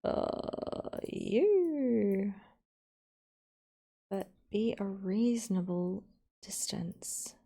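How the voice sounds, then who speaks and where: A woman streamer talks extremely slowly, pausing often, in a medium-pitched voice that's animated, creaky, and mellow. While editing a video, she casually chats with viewers, narrating each step with playful asides.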